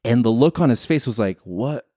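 A man's voice: medium pitch, expressive, moderate pace, mellow, no echo, clean studio sound. Young man telling a casual story. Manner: rambling, restarts, acts out quotes. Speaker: podcast co-host. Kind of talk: casual chat.

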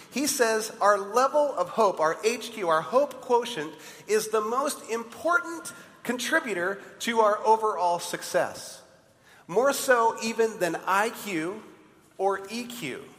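Brief male pastor, high voice, chatty sermon, reverberant church hall. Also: fairly bright tone. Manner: conversational, asks the congregation questions.

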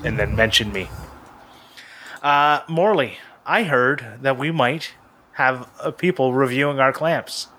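A man's voice: medium pitch, slow pace, pushed and bright. A young man co-hosting a podcast, chatting in an upbeat, casual way. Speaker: podcast co-host. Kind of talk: casual chat.

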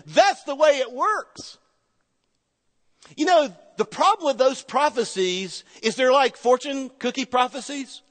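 A man preaching a sermon as a pastor, animated and swinging from loud emphasis to hushed, low asides. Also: a little slow, in a large hall.

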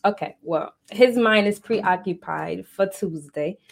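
A woman co-hosting a relaxed podcast with her husband. Her talk is slangy and loose, and she addresses the viewers directly in casual chat. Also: mid-range voice, measured pace, gravelly. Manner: slangy, laughs easily, talks to viewers directly. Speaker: podcast co-host.

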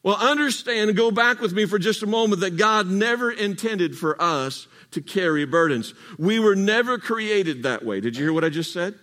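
A man's voice: high-pitched, normal speed, hardly any pauses, bright, forceful tone. A man preaching a sermon to his congregation, calling for responses and drawing out key phrases for emphasis. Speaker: pastor. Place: church sanctuary.

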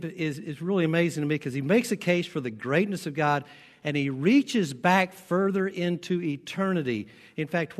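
A pastor with a faint Southern American accent preaching a sermon, stressing his key lines and repeating them slowly. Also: on the high side. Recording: long hall reverb.

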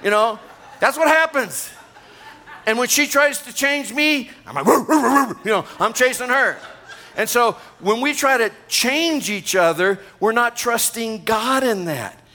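A man's voice: very high-pitched, lively intonation, measured pace, pushed and bright. A man in his sixties, a pastor, preaching a sermon to a congregation in a conversational way, with asides to the room. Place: church gathering.

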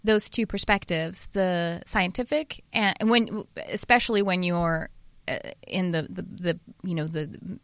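A woman hosting an interview, telling stories in a rambling, animated way with many restarts. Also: fairly low pitch, unhurried, no echo. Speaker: podcast host. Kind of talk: casual interview chat.

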